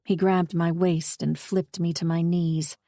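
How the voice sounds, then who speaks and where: A woman reading a first-person audiobook novel in a steady, intimate way. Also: on the low side, a little slow, dry recording, studio quality. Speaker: audiobook narrator. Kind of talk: scripted first-person narration.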